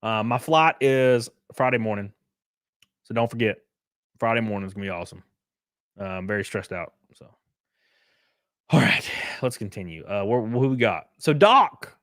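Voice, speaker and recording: A man's voice: on the low side, moderate pace, pauses often, a bit bright, dry recording, studio quality. A man hosting a casual livestream, rambling with many fillers and reading chat messages aloud. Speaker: streamer and host.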